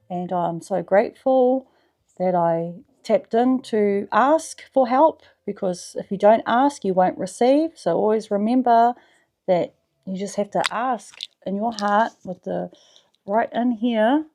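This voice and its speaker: A woman with a New Zealand accent telling her own story in a loose, chatty vlog style. She swears freely and leans on slang. Her voice sits in a middle pitch and at times drops to a soft, hushed tone. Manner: drops to a soft, low voice in the spiritual parts. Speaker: vlogger. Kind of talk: casual personal testimonial.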